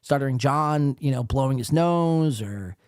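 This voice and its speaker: A man's voice: mid-range voice, lively intonation, unhurried, darkish tone, clean tone, no echo, studio quality. A man hosting a live podcast, ranting profanely and sarcastically at other show hosts. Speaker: podcast host.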